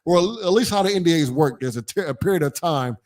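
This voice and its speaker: A man's voice: fairly high pitch, lively intonation, fast talker, darkish tone. A man hosting a podcast in casual chat, rambling with many fillers and repeated starts. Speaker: podcast host.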